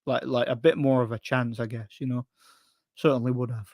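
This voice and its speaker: A male livestream host with a medium-pitched, slightly mellow voice reads through chat fairly quickly with fairly even intonation, rambling, repeating points, and laughing at his own stories. There's no room sound, just clean studio audio.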